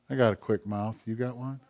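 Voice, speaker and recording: An older male pastor preaching a sermon, dropping to hushed tones and rising to emphatic, louder passages. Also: mid-range voice. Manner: swings from hushed near-whispers to loud emphatic preaching; acts out quoted voices in soft tones.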